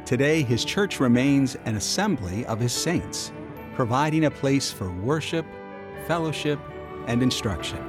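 A man reading a calm, scripted welcome for a church service. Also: medium pitch, a little slow, over music. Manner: calm, welcoming announcer delivery. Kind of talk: scripted narration.

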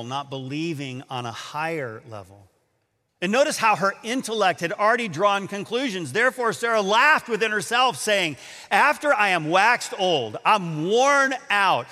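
A man delivers a sermon in a bright, ringing voice, slipping into character for the people in his story. His delivery swings between hushed asides and loud exclamations. The sound carries a long echo from a big church hall. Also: sits high. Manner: animated storytelling, acts out quotes, laughs at himself. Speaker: preacher. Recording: echoey hall.

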